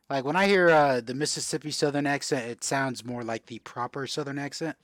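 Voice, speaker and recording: Selling cards on a casual live stream, a South Florida man chats away, reading viewer comments aloud and responding as he goes. He has a medium-pitched, fairly bright voice, captured in a dry, studio-quality recording.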